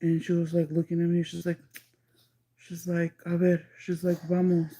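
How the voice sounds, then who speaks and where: A woman's voice: on the low side, completely flat delivery, mellow, poor audio. A woman casually telling a story on a livestream, rambling with lots of "like" and slipping into Spanish. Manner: rambling, heavy use of "like", slips into Spanish; stretches some phrases out slowly when stressing them.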